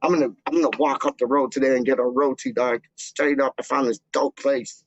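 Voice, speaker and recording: A man's voice: mid-range voice, steady tone, fairly quick, slight background noise. A man chatting casually to camera as a fan channel host, rambling and slangy with lots of fillers. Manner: slangy, loose, full of "like" and "dog" fillers. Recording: dull lo-fi dry sound.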